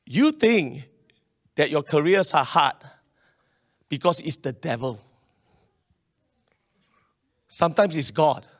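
A man preaching a sermon, animated, with local particles and many restarts. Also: on the high side, takes it slowly, long pauses. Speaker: pastor.

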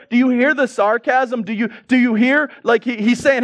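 A male pastor preaching a sermon, swinging from hushed lines to loud, rising ones and repeating key phrases for emphasis. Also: very high-pitched, fairly even intonation, moderate pace, few pauses.

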